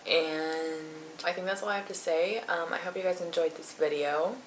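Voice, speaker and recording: A woman's voice: lowish voice, fairly even intonation, moderate pace. A woman vlogger chatting casually while eating on camera, rambling with lots of fillers, in a room at home. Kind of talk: casual mukbang chat. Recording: roomy echo, faint noise.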